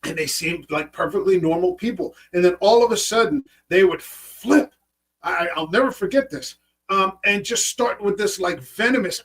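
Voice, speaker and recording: A man's voice: high-pitched, measured pace, a bit bright, recorded from a distance. A man in his fifties telling stories in a casual interview, swearing often and acting out what he once said to people. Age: 50s. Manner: profane, storytelling, acts out his own past remarks. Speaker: podcast host.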